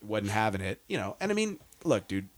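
A man's voice: lowish voice, sing-song, brisk. Laughing, profane man in his forties. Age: 40s. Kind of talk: casual chat.

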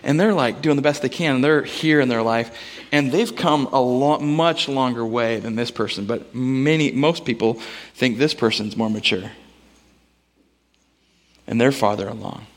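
A man preaching a sermon in a relaxed, conversational way, telling stories and asking the congregation for amens. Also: medium pitch, moderate pace. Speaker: pastor. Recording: long hall reverb.

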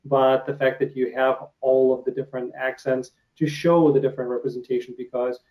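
A man's voice: mid-range voice, flat delivery, a little fast, muffled recording. A man from Ukraine with a Ukrainian accent, Russian his first language, interviewing an actor in a hesitant, filler-heavy casual chat. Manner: hesitant, many filler sounds and restarts.

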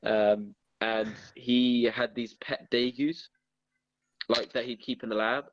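A man's voice: mid-range voice, fairly even intonation, slow pace, a crowd in the background. A young man telling a story in casual podcast chat, rambling and swearing freely. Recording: dull dry lo-fi audio.

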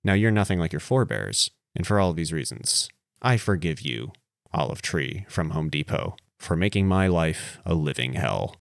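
A man with a very low voice delivers a casual spoken eulogy, playful and wandering, with self-mocking asides. He jumps from excited outbursts to soft murmurs. The recording is close and dry, with no room sound. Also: moderate pace, gravelly, no echo. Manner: swings between animated outbursts and quiet, low murmurs. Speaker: podcast host.

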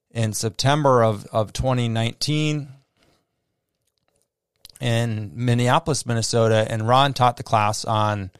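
A man's voice: medium pitch, clear, resonant tone, dry recording, studio quality. A man with a Midwestern American accent hosting a solo podcast, talking casually with many fillers and restarts. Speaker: podcast host. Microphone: close podcast mic.

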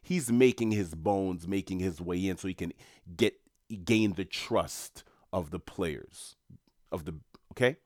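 New guy chatting to his viewers, rambling, lowish voice, dry close mic. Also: unhurried, darkish tone, no room sound. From New York. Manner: rambling, conversational, addresses viewers. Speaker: commentator. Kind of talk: casual monologue.

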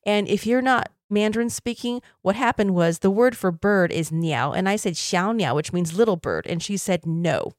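A woman's voice: medium pitch, moderate pace, few pauses, no room sound, studio quality. A woman in her fifties, from Taiwan, hosting a podcast and telling an earnest, reflective personal story with light laughs. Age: 50s. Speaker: podcast host.

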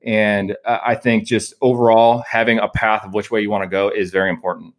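Low-voiced guy hosting a podcast, lots of ums, thinking out loud. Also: flat delivery, fairly quick. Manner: thoughtful, hesitant, with many fillers. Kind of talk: casual podcast conversation.

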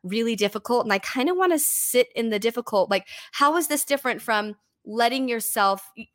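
A woman hosts a podcast in a casual, thinking-aloud way, full of fillers. Her voice sits a bit high, and the recording is dry and close. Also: expressive, a little fast, dry recording. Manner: chatty, lots of "like", thinks aloud. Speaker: podcast host. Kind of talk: casual chat.

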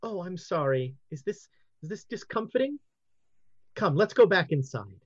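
A game master voicing an elegant hostess who talks calmly in an even tone. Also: mid-range voice, moderate pace, no echo, highs cut off. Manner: calm, even, hushed. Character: poised elegant woman host, calm and even.

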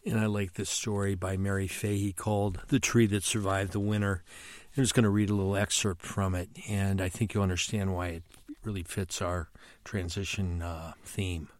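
A male priest reading a story aloud in a measured way on a podcast. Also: deep voice, little pitch movement, dry recording.

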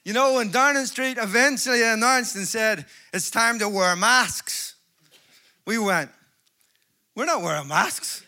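A Northern Irish man preaching to a conference crowd in a high, bright voice. He mixes jokes with fervent calls to his listeners. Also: measured pace. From Northern Ireland. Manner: jokey, rising to fervent exhortation. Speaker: evangelist preacher. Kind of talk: conference sermon with humor. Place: large conference hall before an audience.

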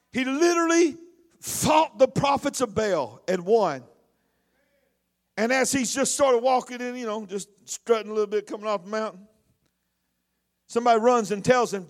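A preacher delivers his sermon in a strikingly high man's voice. He rises into shouted, almost sung phrases and then slips into fast, conversational asides. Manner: preaching with shouted, sing-song swells and quick asides.

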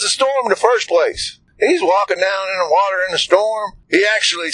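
A man giving an informal devotional talk in a folksy, animated way, asking many rhetorical questions. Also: high voice, moderate pace, few pauses, no echo, poor audio.

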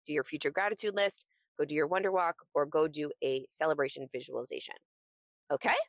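A woman's voice: low voice, fairly quick, dry recording. A young adult woman hosting a motivational podcast, talking in a breezy, enthusiastic and encouraging way into a close microphone. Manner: enthusiastic, breezy and encouraging, acts out excited quotes. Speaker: podcast host.

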